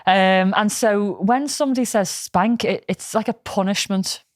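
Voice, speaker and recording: A woman's voice: medium pitch, a little slow, dry recording, studio quality. A woman co-hosting a podcast in frank, laughing casual chat. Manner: chatty, laughs often, frank. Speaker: podcast co-host.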